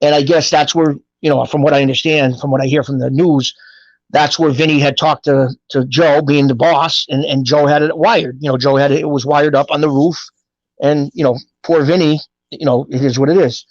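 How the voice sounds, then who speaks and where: This is a middle-aged man, spinning stories from his past in a relaxed, animated way. He slips into the voices of the people he quotes as he goes. His slightly high voice sounds close and dry, with a dull, muffled tone to the recording. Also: brisk, dry recording. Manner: animated storyteller who acts out quoted voices. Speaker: guest telling his life story. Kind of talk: casual storytelling.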